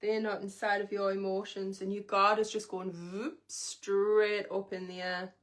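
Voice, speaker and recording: A woman's voice: mid-range voice, flat delivery, unhurried. A woman giving a live spiritual reading, talking in an emotive, intimate way and speaking straight to the viewer. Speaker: psychic reader on a livestream.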